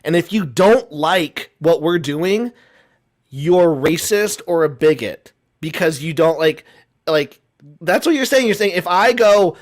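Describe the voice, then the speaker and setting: A man with a slightly raised voice argues his point in a loose, rambling way. He stumbles through restarts and repeats himself, then presses on, animated and insistent. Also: a little high, measured pace. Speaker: guest. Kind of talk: heated casual debate.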